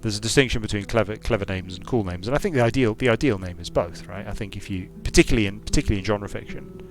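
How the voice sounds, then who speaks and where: Faint music plays behind this lowish male voice as he speaks in a rapid-fire way. He's a streamer and game designer offering loose commentary on a strategy game, reasoning aloud with lots of restarts and repeated words.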